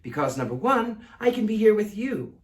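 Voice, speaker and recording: A man with a fairly high voice and a vintage Mid-Atlantic accent, talking with theatrical, carefully shaped diction. He speaks a little away from the mic in an echoey room. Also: sing-song, moderate pace, far from the mic. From United States. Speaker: psychic answering viewer questions. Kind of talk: casual Q&A monologue.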